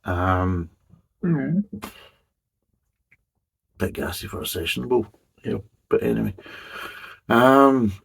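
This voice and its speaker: Very husky, gravelly low-voiced man. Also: animated, takes it slowly, long pauses, a bit bright. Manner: chatty, rambling, swears casually. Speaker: beer reviewer. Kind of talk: casual rambling beer review.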